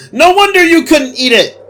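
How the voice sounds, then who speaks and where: A man streaming a video game and chatting casually with viewers, excitable and gushing, laughing often. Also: extremely high pitch. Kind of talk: casual gameplay stream chat. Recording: faint game music behind.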